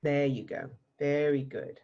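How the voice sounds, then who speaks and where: Lower-pitched woman coaching gently on a muffled call. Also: measured pace, creaky. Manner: gentle, guiding, explains step by step. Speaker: emotional fitness coach. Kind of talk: live online coaching session. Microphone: video call.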